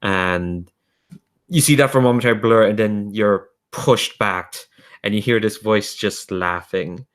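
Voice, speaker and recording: Brief: male game master, unhurried, deep-ish, rambling narration. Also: fairly bright tone. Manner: loose, hesitant narration with many fillers.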